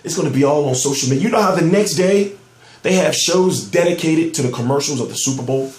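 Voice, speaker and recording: A man's voice: fairly high pitch, fast talker, echoey room. A man giving heated, profane commentary on boxing news in a ranting vlog, amped up and emphatic. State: amped up on soda.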